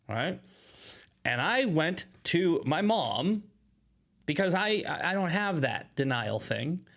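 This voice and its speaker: A man hosting solo political commentary, emphatic and often asking "right?" as he restarts his phrases. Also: on the high side.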